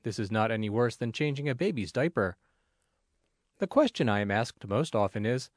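A man reading a personal essay aloud in a measured, plainspoken way. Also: medium pitch, animated, no room sound, clean studio sound. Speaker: narrator.

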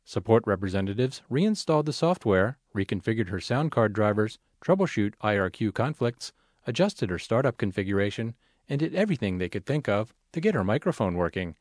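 Man reading with a lively, expressive lilt. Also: on the low side, a little fast, dry recording, studio quality. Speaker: reader of a magazine article. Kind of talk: scripted narration.

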